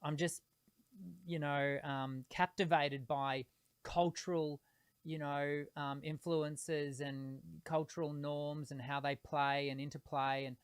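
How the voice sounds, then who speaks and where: A man's voice: on the high side, flat delivery, slow pace, clear, resonant tone, no room sound, studio quality. A man hosting an interview about singing, asking long questions with many restarts. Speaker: podcast host, singing teacher. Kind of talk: conversational interview.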